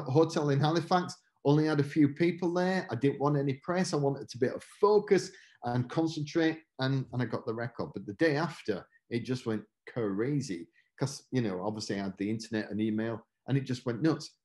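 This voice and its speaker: A man's voice: on the high side, warm tone. A middle-aged British man giving a chatty, self-mocking motivational talk and acting out quotes from his own story. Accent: British English. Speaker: motivational speaker.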